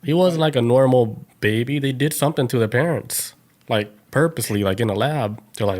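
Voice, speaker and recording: A man's voice: medium pitch, brisk, darkish tone. A man co-hosting a casual podcast, tossing in dry jokes and skeptical asides. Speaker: podcast co-host.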